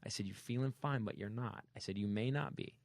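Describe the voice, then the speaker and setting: A man hosting a comedy podcast, telling a story in a casual, animated way and acting out sound effects. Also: on the low side, brisk, vocal fry, no room sound. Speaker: podcast host.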